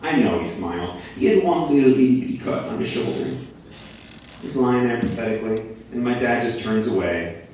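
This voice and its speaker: Young male storyteller on a small theater stage, lively and loud at the peaks, recorded from a distance with a faint hiss. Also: mid-range voice, fairly quick. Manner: animated, rising to near shouts at peaks. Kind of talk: live comic storytelling on stage. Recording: echoey room from a distance.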